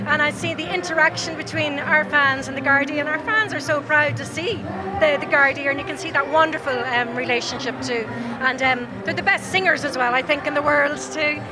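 A woman government minister, from Ireland, giving a halting interview with many fillers at a crowded cultural centre. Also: high-pitched, steady tone. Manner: halting, with frequent fillers and restarts. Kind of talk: vox-pop interview. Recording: loud live music in the background.

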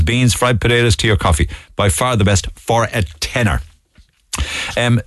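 A man's voice: mid-range voice, dry recording. A middle-aged Irish man from Cork hosting a talk radio show, chatting casually as he reads out listener messages and adds asides. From Ireland. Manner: chatty, conversational, reading lists with asides. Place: radio studio.

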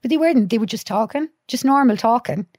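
Dublin woman telling lively stories. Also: a little high, fast talker, no room sound, studio quality. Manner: lively storyteller, acts out quotes, swears freely. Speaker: podcast guest, youth worker. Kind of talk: casual chat.

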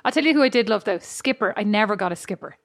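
A woman's voice: medium pitch, animated, quick pace, gravelly, no echo. A woman with an Irish accent co-hosting a chatty podcast, rambling and restarting her sentences and laughing often. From Ireland. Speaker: podcast co-host. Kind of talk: casual chat.

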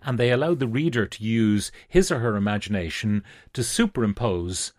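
Halting radio host, low voice. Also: male voice, a little mellow, no echo, clean studio sound. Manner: halting, many "uh"s, measured. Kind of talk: radio book club chat. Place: radio studio.

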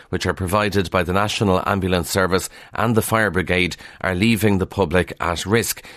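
A man with a Kildare Irish accent talks through the day's newspaper headlines for radio in a very low voice. He keeps it brisk and chatty, dropping dry asides and the odd "uh" between items. The sound is close and dry, with no room around it. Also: fairly bright tone, no echo. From Ireland. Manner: brisk and conversational, dry asides, frequent "uh" fillers. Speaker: radio presenter reviewing the morning papers. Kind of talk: newspaper review with casual asides.

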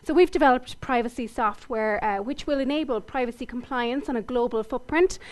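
A woman's voice: fairly high pitch, a little fast. An Irish woman interviewed on the radio about her tech company, upbeat and confident. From Ireland. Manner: upbeat, confident business talk.

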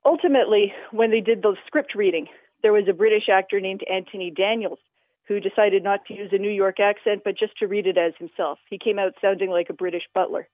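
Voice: mid-range voice, no echo. Interview guest, explanatory, frequent fillers, tinny phone sound, dry. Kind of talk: radio interview explaining language history. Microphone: telephone.

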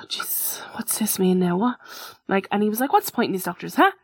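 A woman's voice: medium pitch, big pitch swings, normal speed, husky, dry recording. A woman co-hosting a podcast in casual chat, telling a story animatedly and acting out the dialogue of the people in it. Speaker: podcast co-host.

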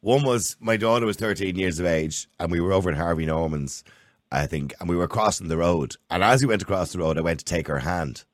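A man in his fifties co-hosting a podcast, telling stories in an animated way and chuckling often. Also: low-pitched, a little fast, no echo, clean studio sound. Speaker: podcast co-host. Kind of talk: casual chat.

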